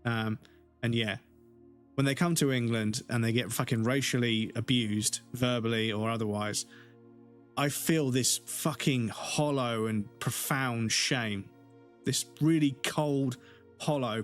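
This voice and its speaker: A man's voice: medium pitch, a little slow, soft background music. A man streaming a game, ranting heatedly in casual chat and swearing constantly.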